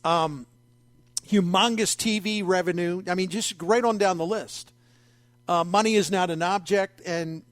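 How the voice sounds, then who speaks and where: High-voiced wry male sports radio host. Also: no echo. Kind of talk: sports talk radio commentary. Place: radio studio. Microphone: studio microphone.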